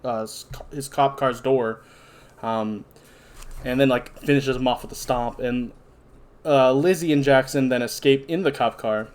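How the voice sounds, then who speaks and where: A man's voice: medium pitch, measured pace, darkish tone. A young man co-hosting a casual podcast, recapping a horror film plot in a rambling way with many fillers. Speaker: podcast co-host. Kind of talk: casual movie review chat.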